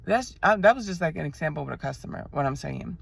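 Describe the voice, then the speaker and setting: A woman in her twenties from New York, with a New York accent, chatting in a car and telling a story in an animated, slangy way, acting out the people she quotes. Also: sits low, quick pace, vocal fry, breathy edge, dry recording. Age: 20s. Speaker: vlogger. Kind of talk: casual storytelling chat. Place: inside a car.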